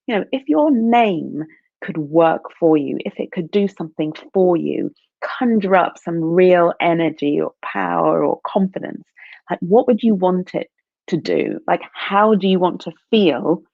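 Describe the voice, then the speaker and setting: A woman's voice: low-pitched, vocal fry, no room sound. A woman confidence coach giving an encouraging live talk, setting tasks for her viewers in a direct way. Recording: dry, phone-like live stream audio.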